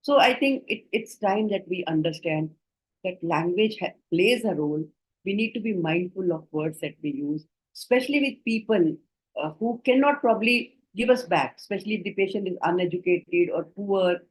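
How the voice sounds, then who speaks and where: A woman's voice: lowish voice, expressive, normal speed, husky, poor audio. A woman with an Indian English accent giving an online training lecture to doctors, explaining points earnestly and speaking directly to her trainees over a video call.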